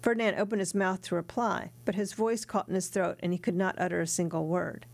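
A woman narrating a classic novel aloud in a steady, even storytelling voice. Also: fairly low pitch, fairly quick, gravelly, hardly any pauses. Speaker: audiobook narrator.

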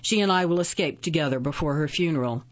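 A woman's voice: low-pitched, fast, dull audio, natural voice. A woman voicing an arrogant, scheming young nobleman who speaks in a haughty, commanding way, in a storybook reading.

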